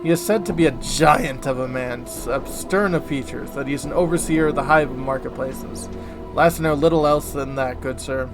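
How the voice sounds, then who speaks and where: A man's voice: medium pitch, normal speed, over music, close to an everyday voice. A man reading the lines of a humble male messenger in an overly polite, formal manner. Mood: courteous.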